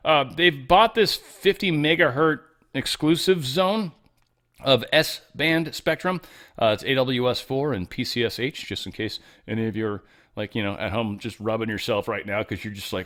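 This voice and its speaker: Middle-aged male host, casual news commentary, sarcastic and rambling, mid-pitched. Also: moderate pace, fairly bright tone. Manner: rambling, sarcastic, offhand asides. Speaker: show host.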